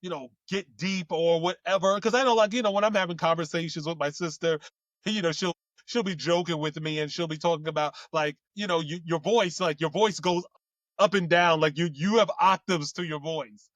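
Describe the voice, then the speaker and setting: A man's voice: a little high, fairly even intonation, a little fast, a bit bright, no room sound. A man co-hosting a casual chat, rambling with lots of fillers and restarts. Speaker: co-host.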